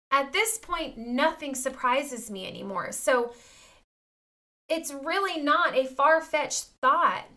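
A woman's voice: high voice, bright, forceful tone. A woman in her thirties talking straight to her viewers in a personal vlog, emphatic and indignant, often calling them "you guys". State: near tears at times. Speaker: vlogger.

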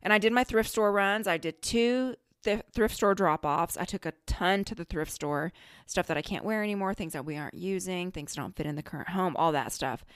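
A middle-aged woman hosting a podcast, telling a story in a casual, animated way, often laughing and quoting her own self-talk. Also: fairly low pitch, a little fast, clean tone, dry recording, clean studio sound. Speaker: podcast host.

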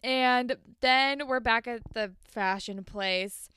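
A young woman co-hosts a casual podcast, chatting her way through a recap of a TV episode and acting out the characters' lines with big jumps in pitch. Her voice is slow, bright and forceful, with a clear, resonant tone. The recording is dry and studio quality.

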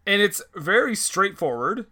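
A male podcast host chats casually about a film and keeps up a playful, sarcastic tone. His voice is a little high and sounds bright and forceful. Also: big pitch swings, unhurried. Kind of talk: casual comedic chat.

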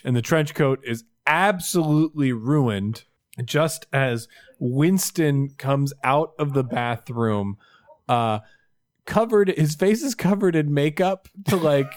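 Gm narrating a goofy tabletop game, super animated, lots of ums. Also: mid-range voice, takes it slowly. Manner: casual, laughing, many fillers. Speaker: game master.

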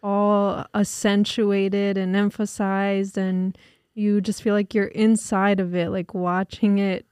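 A woman's voice: mid-range voice, little pitch movement, takes it slowly, a little mellow, clear, resonant tone, dry recording, studio quality. A young woman co-hosting a podcast in casual chat, laid-back and agreeable, with lots of "like" fillers. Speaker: podcast co-host.

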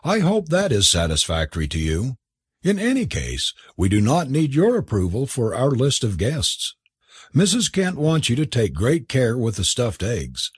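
A man voicing a brisk, stern young lady of the house who talks in a crisp, commanding way. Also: medium pitch, big pitch swings, no room sound, studio quality. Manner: crisp, commanding, faintly amused.

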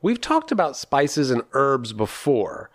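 A man's voice: mid-range voice, huge pitch swings, slow, no echo, studio quality. A man co-hosting a casual chat, explaining a cooking topic and posing rhetorical questions. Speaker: podcast co-host.

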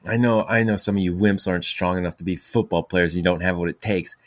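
A man voicing a blustering male high school football coach who gives preachy pep talks. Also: flat delivery, fast talker, dry recording, clean studio sound, lightly acted. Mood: scornful. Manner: preachy pep-talk lecturing.

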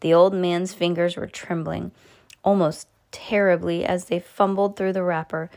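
A woman's voice: on the low side, little pitch movement, unhurried, darkish tone. A woman hosting a podcast, reading a children's book aloud with chatty, playful asides to a child. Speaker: podcast host reading to kids.

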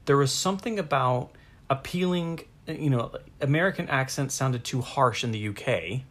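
A man's voice: medium pitch, moderate pace. Rambling, laughing male podcast co-host. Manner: rambling, laughs often, restarts. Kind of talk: casual chat.

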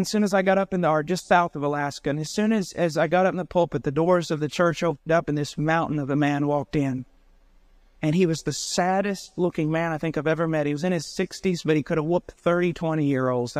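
A man's voice: fairly high pitch, no echo. A middle-aged man preaching a sermon, telling a story with passion and building to emotional peaks.

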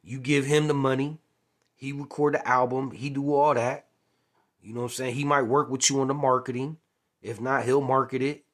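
A man's voice: medium pitch, level tone, moderate pace. A man in a casual storytelling monologue, acting out old conversations and often adding "you know what I'm saying". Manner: acts out past conversations. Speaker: former music manager.

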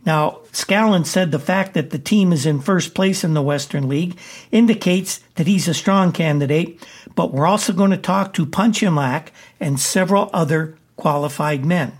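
A man delivering a sports news report in a brisk, matter-of-fact way, with the odd "uh". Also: a little high.

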